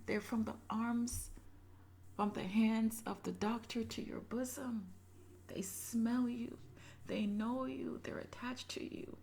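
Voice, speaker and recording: A woman giving emotional reaction commentary, impassioned, moving between loud emphasis and soft whispery asides. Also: on the high side, vocal fry. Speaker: reaction video creator.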